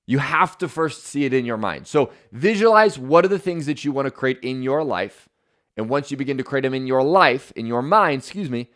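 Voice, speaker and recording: A man giving an emphatic motivational talk as a podcast host, repeating his key points and often checking in with "right?". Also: mid-range voice.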